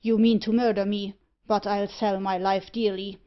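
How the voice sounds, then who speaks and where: A woman's voice: medium pitch, fairly even intonation, normal speed, natural voice. Woman doing a stiff, indignant old merchant, easily scared, storybook audiobook, muffled lo-fi sound. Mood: alarmed. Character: frightened pompous old male iron merchant.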